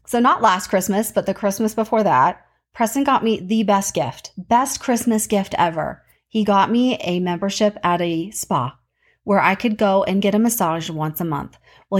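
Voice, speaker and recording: Woman, 30s, podcast host, casual storytelling, animated, mid-pitched voice. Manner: chatty and animated, acts out quoted voices.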